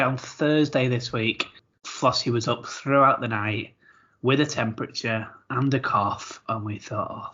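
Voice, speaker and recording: A man chats loosely on a podcast. His talk rambles, with restarts and quick laughs. The audio sounds a little dull and lo-fi, and his voice sits in a middle pitch. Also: pushed and bright. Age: 30s. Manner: chatty, rambling, laughs easily, repeats words. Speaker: podcast co-host. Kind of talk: casual chat.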